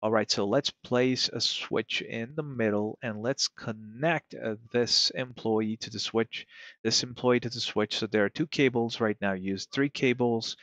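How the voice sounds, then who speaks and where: A man's voice: medium pitch, a little slow, fairly bright tone, no room sound. A man teaching a networking lesson in a conversational way, often asking rhetorical questions. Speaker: networking instructor. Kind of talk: screen-recorded tech lesson.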